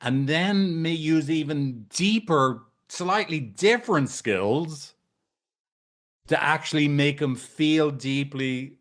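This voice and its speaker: A man's voice: on the high side, takes it slowly, fairly bright tone. A male couples therapist giving a casual training talk in a room with a whiteboard. He is blunt and swears freely. He checks in with his listeners again and again.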